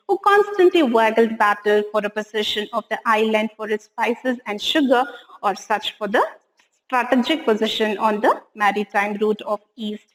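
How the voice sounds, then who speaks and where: A woman's voice: a little high, in a large hall, rough recording. A woman teacher with an Indian English accent, reading a textbook passage aloud and explaining it in simple words. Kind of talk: explaining a textbook lesson to students.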